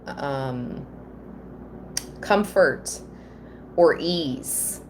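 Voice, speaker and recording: Woman, tarot reader, slow earnest delivery, lower voice, faint background hiss. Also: expressive. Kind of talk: live tarot reading.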